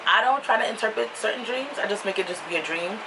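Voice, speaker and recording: A young woman with a New York accent telling a story to camera in a casual, animated way, laughing and jumping into high excited voices. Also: quick pace, far from the mic, noisy background. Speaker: vlogger.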